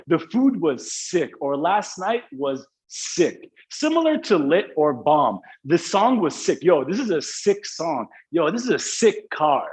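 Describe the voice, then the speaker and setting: A man's voice: on the high side, low-quality recording. A young man teaching an online English class, explaining slang in a casual, playful way.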